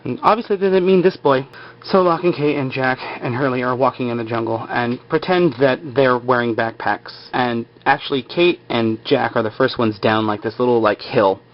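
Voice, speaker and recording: A man's voice: mid-range voice, moderate pace. A man casually retelling a TV episode, rambling with lots of filler words. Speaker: episode recapper. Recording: slightly muffled lo-fi recording.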